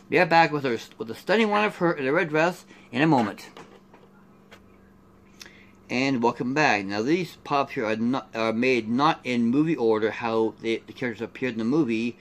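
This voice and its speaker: A man's voice: medium pitch, slight background noise. A middle-aged man from Canada doing a casual unboxing review of collectible figures. He rambles and keeps saying "there" and "here".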